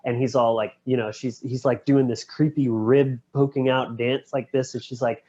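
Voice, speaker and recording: A man co-hosting a podcast, retelling film scenes in an animated way with quick voice impressions. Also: mid-range voice. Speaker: podcast co-host. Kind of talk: casual film discussion. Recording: dull, lo-fi podcast audio.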